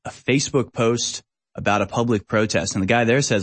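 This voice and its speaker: A man's voice: medium pitch, steady tone, brisk, slightly rough. A male host giving political commentary over a video clip, emphatic and preachy, repeating phrases for effect.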